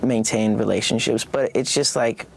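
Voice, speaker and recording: Young male guest, gravelly, laid-back, halting, faint hiss behind. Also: medium pitch. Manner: relaxed, halting, lots of fillers and restarts. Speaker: interview guest. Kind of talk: casual interview chat.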